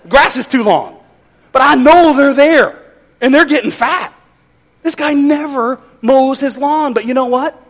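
Male pastor, bright high register, animated delivery, folksy sermon with dry jokes. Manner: conversational, folksy with wry humor.

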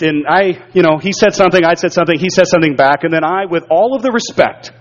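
High-voiced pastor telling his testimony. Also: long reverb tail. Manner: earnest storytelling, repeats words when stirred. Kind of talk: sermon with personal testimony. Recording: dull lo-fi sound.

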